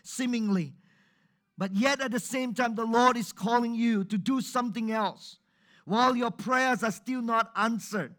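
A man's voice: sits high, a bit bright. A man preaching a sermon to a live congregation in church, talking conversationally and putting questions straight to his listeners.

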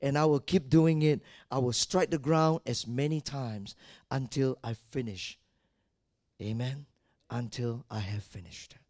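A male pastor preaching a sermon, telling personal stories and building from quiet talk to loud, repeated exhortations. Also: medium pitch, unhurried, dry recording, studio quality. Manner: tells personal stories and addresses the congregation directly.

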